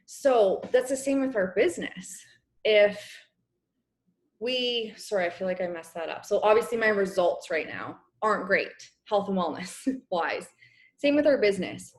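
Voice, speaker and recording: A young woman coaching her business team on a casual video call, chatty and encouraging, clearing her throat as her voice wears out. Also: medium pitch, big pitch swings, normal speed. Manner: chatty, encouraging, many fillers. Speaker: network marketing coach.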